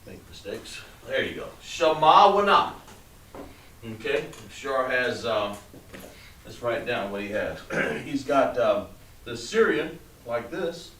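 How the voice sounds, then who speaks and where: Slow, patient male teacher in a roomy space. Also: medium pitch, very animated, a bit bright. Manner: patient, coaxing, trails off while writing. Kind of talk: classroom instruction. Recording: roomy, distant mic with background noise.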